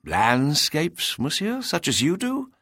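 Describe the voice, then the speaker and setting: A man's voice: on the high side, wildly swooping pitch, slow pace, fairly bright tone, husky, no echo, studio quality, pitched above the performer's own voice, exaggerated voice. A man voicing a proud seventeen-year-old young man who answers airily and stiffly. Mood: airy. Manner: airy, stiff.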